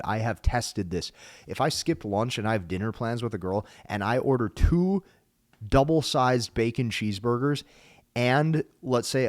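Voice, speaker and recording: A young adult man coaching on dating, talking straight to his audience in an energetic, emphatic way and acting out his own lines. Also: fairly low pitch, no room sound, studio quality. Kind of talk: instructional talk to camera.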